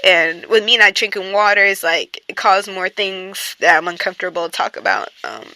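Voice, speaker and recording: A woman's voice: medium pitch, normal speed, sharp tone, no room sound. A young woman telling a personal story in casual storytime chat, rambling and full of fillers. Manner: rambling, filler-heavy, with frequent "like" and "I'm here like".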